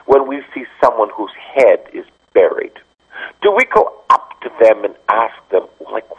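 This male priest's voice sits fairly low, unhurried and with a breathy edge. He teaches the Bible over the radio, animatedly telling stories and performing the dialogue of those he quotes, all through dull lo-fi sound.

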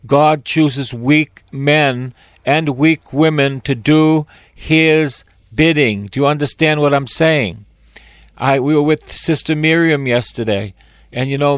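An older priest delivers a Bible teaching in an unhurried, folksy way. He leans on repetition for emphasis. His voice sits a touch high for a man, and the recording is dry and close. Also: clear, resonant tone, no echo. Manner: folksy and emphatic, repeating phrases.

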